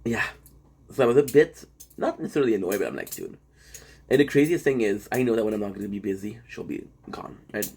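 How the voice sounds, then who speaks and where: A man streamer talking in a casual vlog monologue, rambling and profane, telling stories in an animated way. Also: fairly low pitch, slightly rough.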